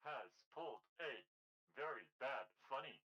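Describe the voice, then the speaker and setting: A man's voice: medium pitch, expressive, unhurried, highs cut off, very noisy. A man playing a tabletop game, talking in a formal, stiff way for his character. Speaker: player.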